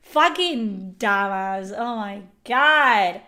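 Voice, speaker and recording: A woman streamer ranting to her chat in a profane, sarcastic way, loud and venting. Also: on the high side, animated, slow pace. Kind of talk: angry livestream rant.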